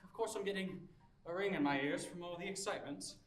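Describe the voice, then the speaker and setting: A man's voice: sits high, quick pace, noisy background, lightly acted. A man playing a nervous, anxious male suitor in his thirties, stammering and flustered, in a stage play. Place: theater stage. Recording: roomy stage from far off, music behind.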